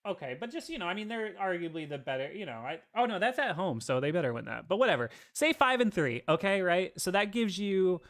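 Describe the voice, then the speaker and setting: A man co-hosting a casual sports podcast, animated and ranting, swearing freely as he talks through a schedule. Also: high-pitched, brisk, few pauses. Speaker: podcast co-host.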